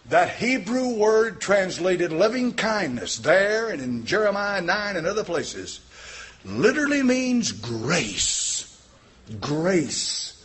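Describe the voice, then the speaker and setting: Older man, pastor, fairly high voice, folksy fervent preaching. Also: big pitch swings, takes it slowly. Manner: swings from quiet to shouted fervor; folksy, plain-spoken preaching. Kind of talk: sermon.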